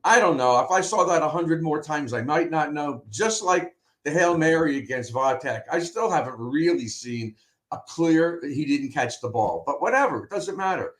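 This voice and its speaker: A man's voice: a little high, animated, normal speed, fairly bright tone. A man giving blunt, opinionated takes in a casual sports chat. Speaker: podcast co-host, analyst.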